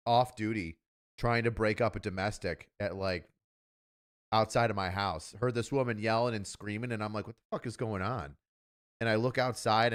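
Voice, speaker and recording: A man's voice: on the low side, smooth. A man who is a former police officer, hosting and telling a story in a blunt, profane, casual way with joking asides. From Buffalo, New York area.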